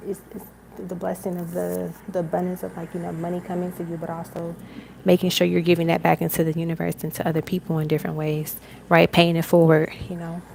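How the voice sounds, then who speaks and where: Young woman, tarot reader on a live stream; low-ish, gravelly, chatty and casual. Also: monotone, quick pace, a little mellow, a little hiss or hum, low-quality recording. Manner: casual, chatty, many fillers and laughs.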